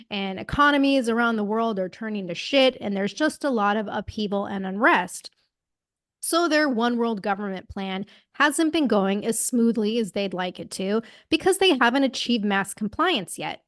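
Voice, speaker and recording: A woman's voice: mid-range voice, fairly bright tone, no room sound, studio quality. A woman co-hosting a podcast, talking outspokenly and sarcastically in casual commentary. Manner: outspoken, sarcastic, laughs at own slips. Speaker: podcast co-host.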